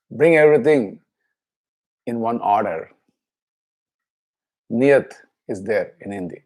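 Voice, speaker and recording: A man teaching a scripture class, explaining each word slowly and chanting verses twice. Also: mid-range voice, animated, warm tone.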